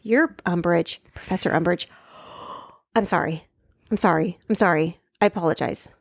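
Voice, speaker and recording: A woman co-hosting a podcast, chatting casually about a movie, animated and often laughing. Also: lowish voice, normal speed, creaky, no room sound, clean studio sound. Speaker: podcast co-host. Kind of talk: casual chat recapping a movie.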